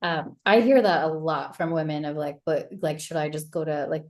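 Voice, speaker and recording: A woman with a slightly low voice hosts a casual interview. She asks encouraging questions and rambles a little as she works her way to the point. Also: normal speed. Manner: rambling, many fillers and restarts, encouraging questions. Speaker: interviewer and retreat host.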